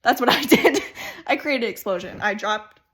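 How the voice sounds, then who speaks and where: A woman's voice: a little high, expressive, normal speed, fairly bright tone. A young woman, a student, gives a comedic how-to speech, rambling, mocking herself and laughing through her words. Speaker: student giving a class video speech.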